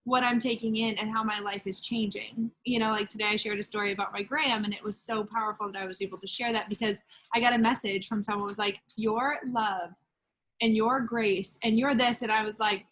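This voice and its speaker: A woman hosting a casual faith chat, animated and storytelling, with quoted asides and frequent laughs. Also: medium pitch, brisk, slight background noise, rough recording. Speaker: podcast host.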